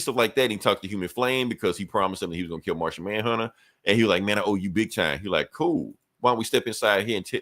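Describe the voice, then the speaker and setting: A man with a fairly low voice loosely recounting a comic book plot on a podcast. He talks casually, drops in the characters' lines as quick asides, and swears freely. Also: a bit bright. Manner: frequent profanity and fillers. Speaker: podcast host.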